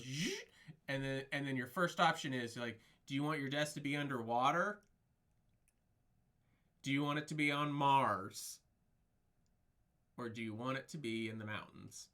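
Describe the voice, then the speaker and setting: A man co-hosts a podcast, chatting casually, laughing often and wandering through rambling stories. His mid-range voice moves at a normal speed and sounds bright and forceful.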